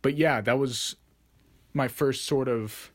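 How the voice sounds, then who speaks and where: A man's voice: medium pitch, slow pace. A young man telling a childhood story in a casual storytime vlog, rambling and correcting himself, with the odd curse word. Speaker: vlogger.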